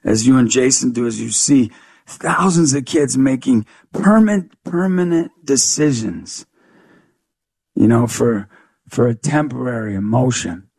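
A man's voice: medium pitch, expressive, a little slow, gravelly, a little mellow, husky, no room sound, clean studio sound. A man as a guest in a faith interview, earnestly telling a story and acting out the dialogue. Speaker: guest speaker.

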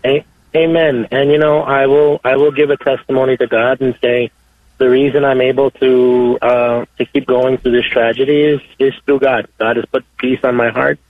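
A man calling in to a radio show, speaking earnestly and haltingly. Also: medium pitch, level tone, no room sound. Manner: earnest, halting, many restarts. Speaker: caller. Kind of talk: call-in radio testimony. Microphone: telephone. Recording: dry tinny phone line.

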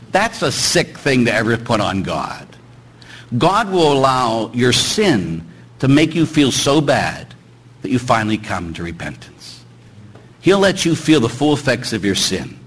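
Husky, animated preaching priest. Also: male voice, mid-range voice, low-quality recording. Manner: animated, jokey preaching with acted-out dialogue. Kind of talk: sermon.

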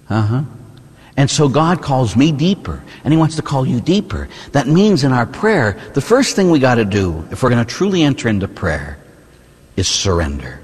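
A man's voice: medium pitch, very animated, moderate pace, breathy edge, in a large hall. A man from the United States, a Catholic priest, preaching a conversational sermon full of rhetorical "huh?" asides.

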